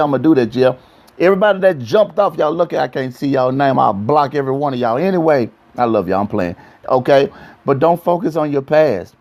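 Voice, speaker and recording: A man's voice: medium pitch, a little mellow. A man, a pastor, preaching casually to live-stream viewers about relationships, playful and repetitive, talking straight to his audience. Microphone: phone live stream.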